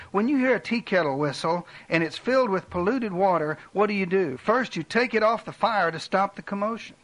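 A man preaching a sermon, earnest and direct, making personal appeals and dropping his voice low for emphasis. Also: a bit bright, rough recording. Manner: earnest preaching with dramatic drops in volume. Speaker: pastor.

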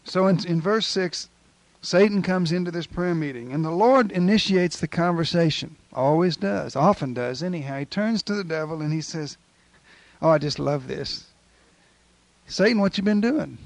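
A man preaching a sermon in a folksy, animated storytelling manner, retelling scripture with acted quotes. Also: fairly high pitch, normal speed, no room sound.

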